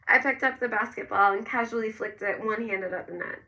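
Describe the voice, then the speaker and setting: Bright, gravelly woman narrating a novel. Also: medium pitch, brisk, far from the mic, rough recording. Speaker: audiobook narrator. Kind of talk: first-person novel narration.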